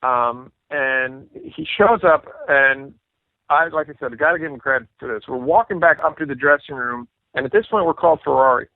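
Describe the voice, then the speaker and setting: A middle-aged man, a bassist guest, telling stories in an animated way and acting out what people said. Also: normal speed, dry recording. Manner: animated storyteller acting out quoted dialogue. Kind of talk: casual storytelling interview. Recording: tinny phone-like line, dry.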